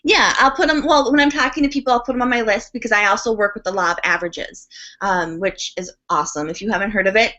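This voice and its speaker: A woman talking as a guest in a podcast interview, telling a story in a chatty, animated way with quick asides. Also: mid-range voice. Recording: dull lo-fi sound.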